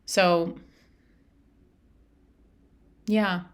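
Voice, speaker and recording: Her voice is lowish, steady, smooth, and very slow. She's a middle-aged life coach doing reflective talk on her solo podcast, heartfelt and earnest, repeating herself often.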